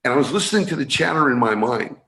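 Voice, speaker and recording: A man from San Francisco speaks as an interview guest over a video call, his voice sitting at an ordinary middle pitch. His speech is halting, full of restarts and repeated words, and the room around him rings with a noticeable echo. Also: expressive, bright, forceful tone. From San Francisco, USA. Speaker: guest, energy awareness coach. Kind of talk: explanatory interview talk. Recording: echoey room sound.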